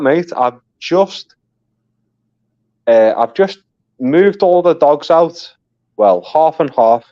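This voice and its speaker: A man with a slightly high, mellow voice and no echo chats casually as a guest on a live stream, swearing and laughing a lot while telling stories. The audio is dull and lo-fi.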